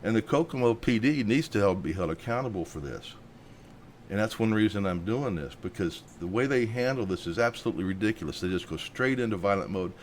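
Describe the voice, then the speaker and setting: A man's voice: fairly low pitch, animated, brisk, a little hiss or hum. A man hosting a news commentary, indignant and worked up. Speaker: host.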